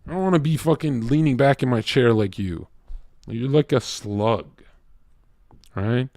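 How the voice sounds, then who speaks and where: A man's voice: unhurried, dry recording. Blunt, profane male streamer, dry close mic. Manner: blunt, profane, swings from shouting to low muttering. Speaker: livestream host talking to chat. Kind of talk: unscripted livestream rant.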